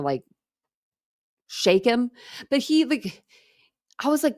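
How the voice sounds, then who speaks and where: A woman's voice: on the high side, lively intonation, unhurried, pauses often, darkish tone. A woman hosting a true crime livestream, chatting casually with viewers in a rambling way, full of fillers and restarts, and reading comments from the chat. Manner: reads and answers live chat comments. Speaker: true crime channel host.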